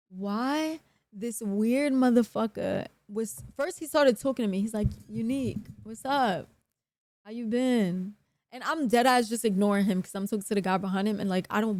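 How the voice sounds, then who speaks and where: A young woman tells a casual, animated, profane story on a live stream, performing other people's lines. Her voice is medium pitch, and there's no echo.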